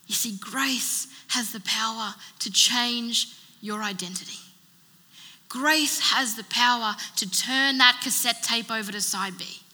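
A woman's voice: fairly high pitch, slow pace, sharp tone. A woman preacher giving a sermon in an emphatic style, building her points through rhythmic repetition. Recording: long reverb of a large hall.

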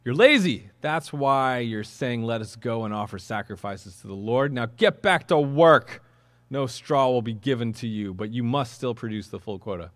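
A man voicing an angry ancient Egyptian king who shouts slow, harsh orders at his slaves. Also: medium pitch, dry recording, natural voice.

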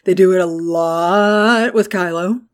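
A woman with a Texas accent, co-hosting a podcast in casual chat, animated and quick to laugh and swear. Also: on the low side. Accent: Texan. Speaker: podcast co-host.

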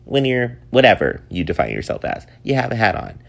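Deep voiced guy in his 30s doing a chatty solo podcast, laughs a lot. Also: a little fast, gravelly. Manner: chatty, animated, laughs often. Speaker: podcast host. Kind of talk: casual solo podcast talk.

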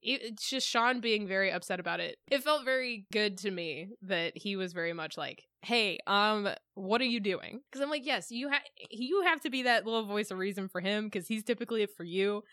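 A woman co-hosts a casual podcast with a bright, forceful tone. Her voice is recorded close and dry, with no room echo. She talks expressively and laughs often. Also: medium pitch, lively intonation, fairly quick, hardly any pauses. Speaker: podcast co-host. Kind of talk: casual recap chat.

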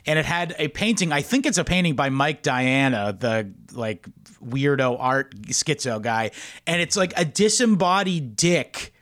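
A man's voice: on the high side, expressive, unhurried, fairly bright tone. A man co-hosting a podcast in casual chat, rambling and profane, mimicking people he talks about. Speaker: podcast co-host.

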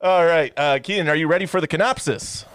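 Upbeat young man hosting, slightly high voice. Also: fast talker. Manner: enthusiastic, profane, reads stats and lists. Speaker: podcast host. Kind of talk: casual movie podcast banter.

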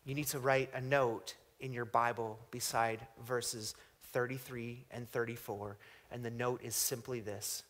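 A man preaching a sermon, reading scripture aloud and swinging from booming emphasis to hushed, drawn-out phrases. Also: steady tone. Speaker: pastor.

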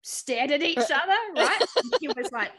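Bright, animated woman telling stories. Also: high voice, normal speed. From Australia. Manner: animated storyteller, laughing, acting out quotes. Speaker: guest, pharmacist. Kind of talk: casual podcast chat.

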